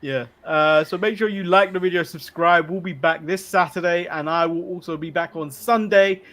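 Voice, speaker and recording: A man's voice: high voice, moderate pace, fairly bright tone. A man with an English accent hosting a casual chat show, easygoing and chuckling often. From England. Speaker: podcast host.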